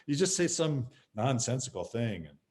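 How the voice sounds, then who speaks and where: A man's voice: mid-range voice, moderate pace, slightly rough. A man, a martial arts teacher, chatting as a guest on a video call and acting out little scenes as he talks. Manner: animated storytelling, acting out scenes. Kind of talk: casual video-call chat.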